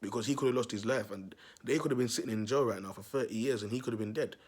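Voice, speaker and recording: A man's voice: lowish voice, fast talker, a little mellow. A man, a vlogger telling a neighbourhood story to his viewers in a slangy, repetitive way.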